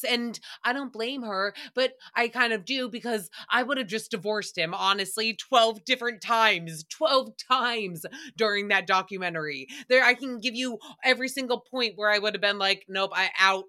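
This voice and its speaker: Bright-voiced woman ranting casually. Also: a little high. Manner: profane, rambling, quick to laugh. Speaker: podcast host. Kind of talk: casual comedic recap.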